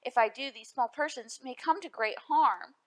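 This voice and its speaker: A woman voicing a gentle, loyal male elephant who speaks earnestly in a storybook reading. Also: high-pitched, normal speed. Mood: worried. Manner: earnest, determined.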